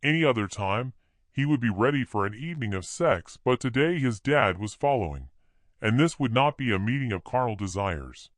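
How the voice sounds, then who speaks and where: Guy reading a horror audiobook, lively pitch, dry close mic. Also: moderate pace, no room sound. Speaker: audiobook narrator.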